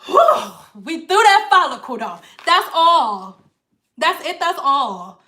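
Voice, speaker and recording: Speaking slowly in a high-pitched voice, a woman hair stylist chats casually with live viewers. She is animated and blunt, swears freely, and slips into playful put-on voices.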